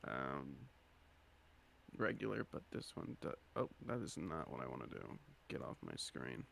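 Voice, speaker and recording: A man's voice: a bass voice, big pitch swings, unhurried, vocal fry, a bit bright, a little hiss or hum. A man playing in a tabletop game, hesitant and full of fillers. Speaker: player.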